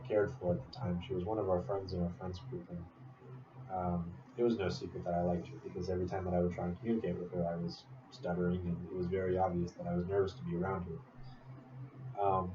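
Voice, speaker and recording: A man's voice: low-pitched, dull audio. A young man telling a personal story in a casual, rambling way, full of fillers and asides. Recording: distant roomy mic with noise.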